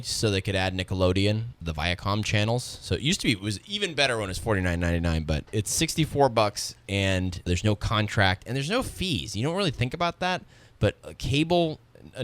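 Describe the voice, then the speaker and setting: A man co-hosting a radio station's casual chat show, who explains things at length in an animated way. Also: lowish voice.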